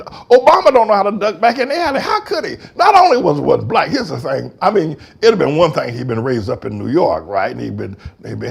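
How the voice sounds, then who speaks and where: A man with a high, wildly swooping voice hosts a talk show in a heated monologue. He talks in loose slang, mocks freely and climbs into shouting bursts. The whole delivery is fiery and restless. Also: creaky, husky.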